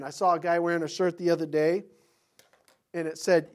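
A middle-aged man delivers a sermon in a loose, talky style, often stopping to restart his sentences. His voice sits fairly high for a man. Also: little pitch movement, fairly quick, pauses often. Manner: conversational preaching with frequent fillers and restarts. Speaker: pastor.

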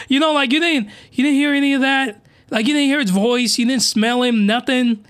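A man hosting a podcast, delivering an excitable, slangy, rambling comedic rant full of mockery. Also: very high-pitched, brisk, no room sound. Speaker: podcast host reviewing anime.

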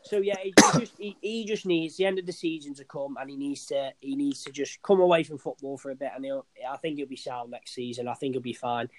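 A man's voice: mid-range voice, steady tone, fairly quick, few pauses, a little mellow, a little hiss or hum. A young man in casual football chat, rambling, swearing and restarting his sentences, calling his friend mate. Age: young adult.

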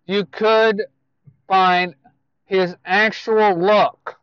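A man giving casual movie news to viewers, speaking in a halting way with self-corrections and asides. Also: high voice, fairly even intonation, a bit bright, smooth, no echo, lo-fi sound.

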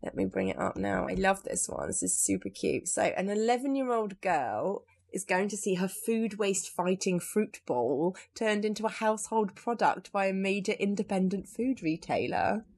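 A young woman hosting a podcast, chatting casually about news stories in a lively, chatty way with lots of asides. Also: mid-range voice, moderate pace, vocal fry, few pauses, husky. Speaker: podcast host.

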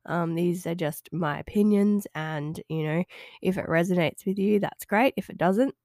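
Woman, stuffy cold, nasal, lowish pitch, dry close sound, hesitant podcast chat. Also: moderate pace, darkish tone, no echo. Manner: hesitant, rambling, friendly. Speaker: podcast host and health coach. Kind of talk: casual solo podcast chat.

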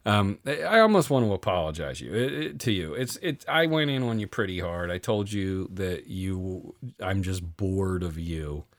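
A man's voice: sits low, animated, moderate pace, hardly any pauses, no room sound. Ranting, profane podcast co-host man. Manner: ranting, sarcastic, swears a lot. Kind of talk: profane casual chat.

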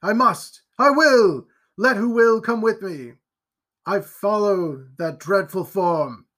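A man reading aloud gives us a resolute gentleman of the old novel, pressing his words out with urgency. The voice sits high and rings bright. It carries a storybook's sense of alarm. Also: takes it slowly. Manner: urgent, loud exclamations. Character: brave middle-aged gentleman, shaken but resolute. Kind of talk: audiobook character reading.

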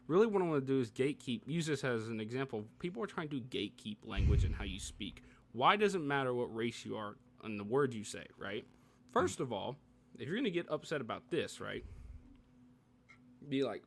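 Animated young man arguing on a podcast. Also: medium pitch, a little fast, slight background noise. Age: young adult. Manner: animated, reads from a page and argues back. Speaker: podcast co-host. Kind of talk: casual podcast chat.

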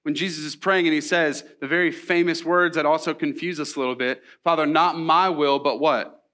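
A man preaching a sermon in a church, animated and conversational, with casual asides to the congregation. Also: fairly high pitch, brisk. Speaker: pastor.

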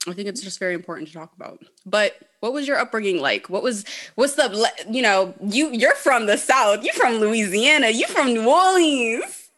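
Woman, low-ish bright voice, very lively intonation; animated, filler-heavy casual storyteller. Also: moderate pace. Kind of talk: casual chat.

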